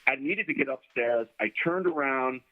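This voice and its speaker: A man telling a story as a podcast guest, talking in a lively way and acting out the people he quotes. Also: mid-range voice, normal speed. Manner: animated storyteller, acts out quoted voices. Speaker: guest musician. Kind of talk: casual storytelling interview. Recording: phone-like remote line.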